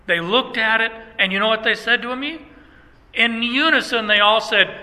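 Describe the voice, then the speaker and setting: Man, Bible teacher, high and very bright voice, emphatic, long echo around him. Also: normal speed. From Germany. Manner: emphatic, animated storyteller. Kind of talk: speaking on theology.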